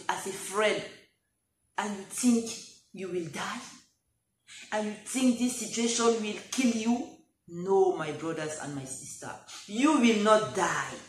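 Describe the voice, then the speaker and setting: A woman who is not a native English speaker preaches a sermon while she has a cold, repeating phrases and building to loud, pleading calls. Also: medium pitch. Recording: echoey room, faint background noise.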